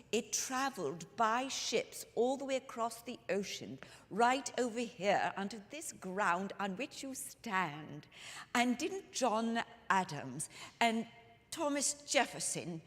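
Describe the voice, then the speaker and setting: A woman storyteller playing the ghost of a 19th-century woman author, speaking theatrically to a live audience with lingering emphasis. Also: medium pitch. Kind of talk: one-woman historical storytelling performance. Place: church sanctuary with live audience. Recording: long reverb of a large church hall.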